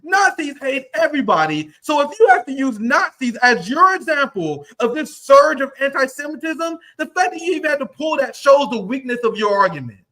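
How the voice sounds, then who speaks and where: A man's voice: very high voice, very animated, a little fast, few pauses, bright, forceful tone. A man hosting a livestream, delivering angry, profane commentary in a heated rant. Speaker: livestream host.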